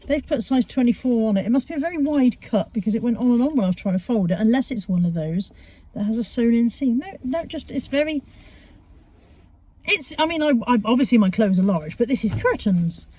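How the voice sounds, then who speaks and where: Middle-aged lady rambling away in her car, warm mellow voice, bit high, pokes fun at herself. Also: lively intonation, fairly quick, slightly rough. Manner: chatty, rambling, self-mocking humour. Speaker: vlogger showing charity shop finds. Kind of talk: casual chatty haul video. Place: inside a parked car.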